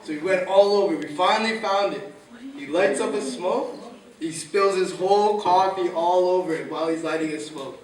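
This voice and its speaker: A man's voice: high-pitched, normal speed. A young man telling a casual anecdote among friends, laughing often and acting out quotes with slang. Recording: echoey room, distant mic, crowd chatter.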